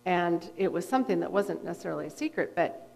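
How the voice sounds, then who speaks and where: A middle-aged woman, a therapist and guest speaker, telling a personal story in a conversational, animated way with frequent fillers. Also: on the low side, fast talker, creaky, a little hiss or hum. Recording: long reverb from a hall.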